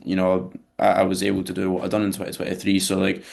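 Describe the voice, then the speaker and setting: Gravelly, flat-voiced male coach. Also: deep voice, fast talker. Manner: conversational, sprinkles in casual swearing. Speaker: physique coach, podcast co-host. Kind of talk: casual chat.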